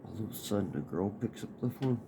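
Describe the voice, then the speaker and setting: A man's voice: lowish voice, expressive, brisk, creaky. A man casually telling a personal story in a laid-back, profane, rambling way. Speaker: podcast host. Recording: noisy background hiss.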